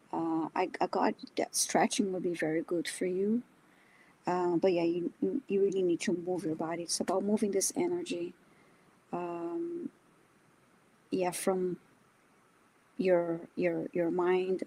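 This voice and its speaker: A woman's voice: fairly low pitch, slight background noise, poor audio. A woman co-hosting a live spiritual reading, speaking hesitantly and earnestly. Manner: hesitant, many fillers and restarts, softly earnest. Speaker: co-host reader.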